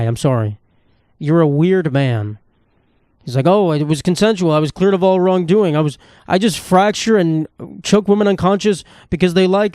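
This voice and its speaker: A man's voice: a little high, a little mellow, no room sound, clean studio sound. A man hosting a podcast in a casual comedic monologue, ranting profanely and rambling with restarts. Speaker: podcast host. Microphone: podcast microphone.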